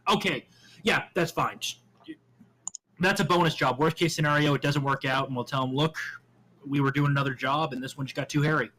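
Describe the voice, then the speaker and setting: Give me a man with a slightly high voice, chatting quickly and excitedly as a tabletop player. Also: a little hiss or hum. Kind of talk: casual tabletop game chat.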